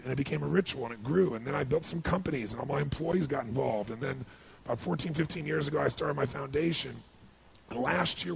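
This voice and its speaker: A man giving an energetic, emotional storytelling speech to an audience, his voice swinging between hushed and loud. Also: on the high side, noisy background. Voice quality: gravelly. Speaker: motivational speaker.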